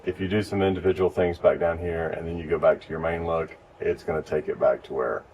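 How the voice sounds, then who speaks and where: A man with a very low voice gives casual, step-by-step training to church volunteers. He is recorded from a distance, and faint noise hangs behind him. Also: fairly quick, highs cut off. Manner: relaxed, explains step by step. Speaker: lighting instructor.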